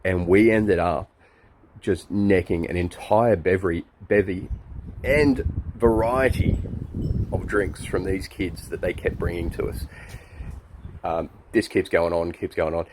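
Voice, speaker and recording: Deep-voiced Australian bloke, forties, chuckly rambling storyteller. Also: male voice, unhurried, darkish tone, slight background noise. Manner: chuckling, loose storyteller with many fillers. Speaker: friend giving a birthday message. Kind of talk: rambling anecdote.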